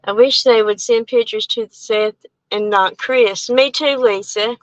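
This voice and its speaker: A woman's voice: fairly high pitch, fairly even intonation, unhurried, dry recording, dull audio. A woman chatting casually with live viewers from her car, rambling and breaking off with laughs, a little out of breath. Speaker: channel host. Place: in a car while driving. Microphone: headphones with mic.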